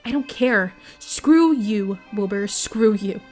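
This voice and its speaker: A fiery teenage prince, read aloud by a woman in a bedtime storybook. He hurls his words out in loud, spitting bursts of anger, pitched a touch above her usual voice. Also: moderate pace, soft background music, lightly acted. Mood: furious. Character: hot-tempered teenage boy prince.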